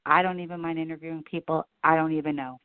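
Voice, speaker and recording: A woman from the Chicago area, a radio reporter guesting on a podcast, telling stories in an animated, self-deprecating way. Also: low voice, fast talker, clear, resonant tone. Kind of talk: casual interview chat. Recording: tinny phone-like sound.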